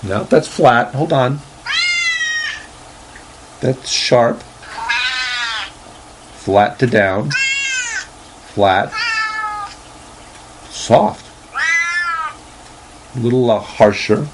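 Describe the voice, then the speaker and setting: A man hosting a casual solo talk show, reading aloud haltingly with lots of fillers and restarts, and a dry, deadpan humor. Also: mid-range voice, noisy background. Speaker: host.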